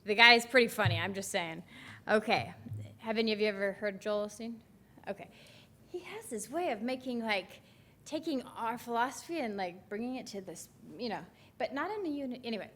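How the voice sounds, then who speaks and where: A woman minister delivers her Sunday talk into a microphone in a church sanctuary. She is chatty and wanders off track, with a self-deprecating humor. Her voice sits a little high for a woman. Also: expressive, fairly quick, pushed and bright, a little hiss or hum. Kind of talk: sermon.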